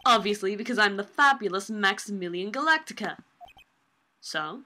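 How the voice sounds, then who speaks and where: A woman's voice: mid-range voice, expressive, normal speed, pushed and bright. A woman doing a preening showman magician. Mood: haughty. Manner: theatrical, drawling, calls people sweetie. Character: flamboyant vain male circus magician star. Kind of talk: amateur game voice-over reading.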